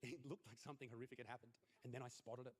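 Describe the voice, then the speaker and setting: Brash Australian stand-up comic. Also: male voice, fairly even intonation, rapid-fire. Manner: crude mock-earnest delivery, voice jumping high on punchlines. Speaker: stand-up comedian. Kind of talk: stand-up comedy routine. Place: comedy stage.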